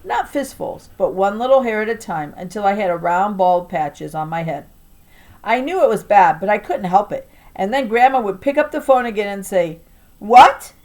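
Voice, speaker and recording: A woman teacher reads a children's novel aloud to her class. Her telling is expressive, with a pitch that sits in an ordinary middle range. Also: moderate pace. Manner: expressive storytelling.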